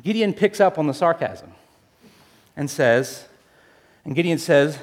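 A male pastor with a fairly high voice delivers a sermon in an animated, storytelling manner. He jokes with his listeners and calls them folks as he moves through the passage. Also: unhurried, long pauses. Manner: animated, jokey storytelling addressing the congregation as folks.

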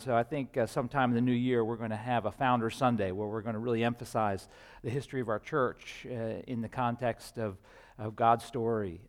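A man preaching a sermon to his congregation, earnest and with frequent filler pauses. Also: mid-range voice. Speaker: pastor.

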